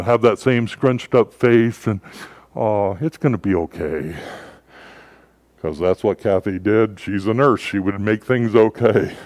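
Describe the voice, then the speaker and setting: A man giving a sermon as a pastor, telling stories in a relaxed, conversational way with frequent filler words. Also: mid-range voice, dry recording.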